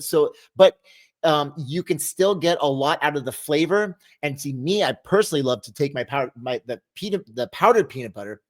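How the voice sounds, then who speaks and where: A middle-aged man, a fitness coach, hosts a live Q&A, reading viewer comments in an upbeat, encouraging way with many restarts. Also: a little high.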